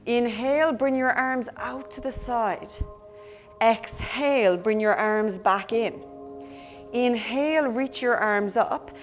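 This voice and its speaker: A woman's voice: fairly high pitch, slow pace, faint music behind. A young Irish woman leading a children's yoga class, playful and encouraging as she talks to the kids at home.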